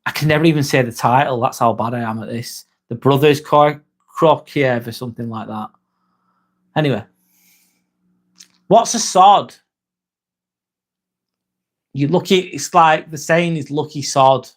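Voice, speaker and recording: He's an English live streamer with a medium-pitched voice, unhurried and full of frequent pauses. In a casual chat, he responds to viewer comments by name and swears freely.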